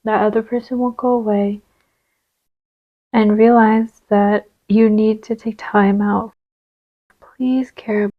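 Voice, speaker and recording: Soft-spoken woman giving a card reading. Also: medium pitch, little pitch movement, slow, long pauses, highs cut off. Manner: gentle, reassuring, drifts into soft whispers while placing cards. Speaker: tarot reader.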